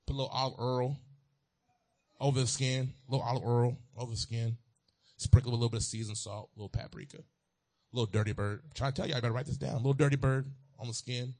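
A man's voice: medium pitch, steady tone, quick pace, darkish tone. A man preaching a sermon in a folksy, playful way, talking straight to the congregation.

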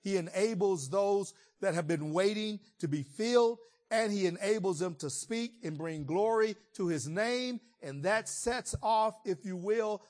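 A man's voice: high-pitched, a little mellow. Male pastor, conversational storytelling sermon. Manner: conversational storytelling, colloquial asides.

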